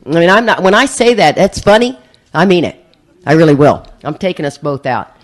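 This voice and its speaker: A woman speaking fairly fast in a rather low voice shares a humorous story from her life at a recovery meeting. Lively throughout, she laughs a lot and imitates the voices of others.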